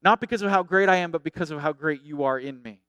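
A middle-aged male pastor delivering a lively, conversational sermon. His voice is smooth and resonant, pitched a bit high. It is recorded close and dry. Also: fast talker, no room sound. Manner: animated, conversational, acts out quotes.

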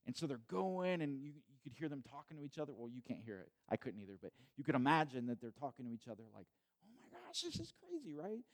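A man preaching a sermon in a conversational way, retelling the scene with animated asides. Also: medium pitch, fast, few pauses. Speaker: pastor.

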